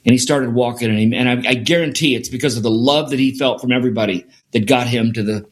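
A man's voice: medium pitch, quick pace. A middle-aged man, a guest in an interview, telling a story earnestly and repeating phrases for emphasis. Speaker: guest, sport performance scientist.

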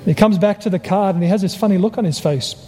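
A high-voiced Australian man preaches a sermon, telling his story with lively flair and acting out each character. His tone is dark and mellow, with a long reverb as if he were in a large hall. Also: fast. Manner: animated storyteller, acts out quoted voices.

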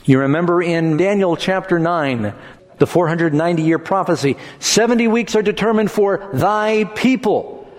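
A man preaching a sermon, expressive, acting out quoted lines in changing tones. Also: high voice, normal speed. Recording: long hall reverb.

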